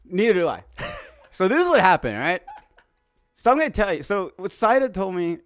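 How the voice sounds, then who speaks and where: A man's voice: high-pitched, very animated, moderate pace, no echo, clean studio sound, soft background music. A young man co-hosting a podcast, telling a story in casual chat with lots of laughter and swearing. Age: young adult. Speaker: podcast co-host.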